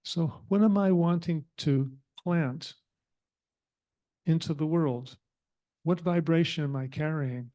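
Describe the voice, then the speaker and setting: A man giving a sermon at a spiritual community, talking slowly and reflectively, with thoughtful pauses between phrases. His voice sits a little high for a man but sounds soft and mellow rather than bright. He delivers each point gently and without hurry.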